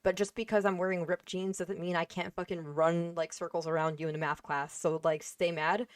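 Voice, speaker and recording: A young woman on a casual panel, speaking bluntly and swearing freely, with lots of "like" and "um". Her voice sits a little low, and the recording is dry and close. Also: little pitch movement, fairly quick, no room sound. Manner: blunt, emphatic, swears freely, many fillers.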